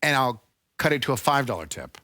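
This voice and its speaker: A man co-hosting a chatty podcast, his pitch swinging freely as he jokes around. The sound is dry and close, with no room around him. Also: fairly quick, dry recording. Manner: joking, animated, plays with voices. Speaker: co-host. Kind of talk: casual podcast banter.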